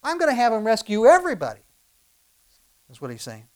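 Animated male preacher with rhetorical questions. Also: extremely high pitch, a little fast. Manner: animated, swinging from loud to soft, rhetorical questions. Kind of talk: sermon with scripture reading.

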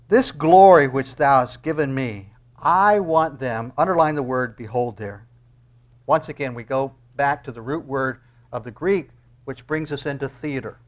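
An older man preaches a sermon in a slightly raised voice. He drops to near-whispers and then climbs to loud, impassioned peaks, acting out the voices he quotes along the way. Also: fairly high pitch. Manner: dramatic swings from quiet to loud, acting out quotes.

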